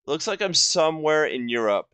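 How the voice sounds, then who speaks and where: A man in his twenties giving casual commentary while playing a video game, rambling and halting with lots of fillers and restarts. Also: fairly high pitch, big pitch swings, fairly bright tone, smooth, no room sound. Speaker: gaming video host. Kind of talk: casual let's-play commentary.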